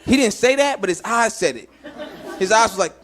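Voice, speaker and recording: A man's voice: high voice, lively intonation, brisk. A man from Chicago doing a stand-up routine, telling a story and acting out the voices of people in it. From Chicago, USA. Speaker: stand-up comedian. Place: comedy stage before a live audience. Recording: live club recording with loud crowd. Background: loud audience laughter.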